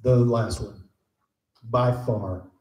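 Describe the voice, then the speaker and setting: A man answering fan questions on a convention panel, relaxed and jokey, rambling through stories. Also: medium pitch, drawn-out words. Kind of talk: casual storytelling Q&A. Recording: echoey convention room.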